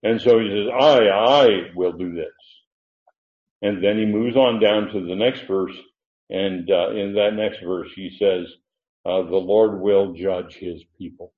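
A man's voice: fairly low pitch, fairly even intonation, measured pace. A man teaching scripture to a congregation, chatty and thinking aloud, stumbling over restarts and fillers. His voice comes through thin and phone-like, with an echo from the large room around him. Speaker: Bible teacher. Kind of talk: verse-by-verse Bible teaching. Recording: echoey room, phone-like narrow sound.

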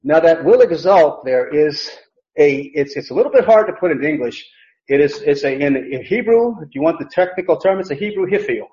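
A man's voice: on the high side, expressive, brisk, darkish tone. A man teaching an expository Bible sermon, emphatic, and often repeating phrases. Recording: roomy, dull lo-fi sound.

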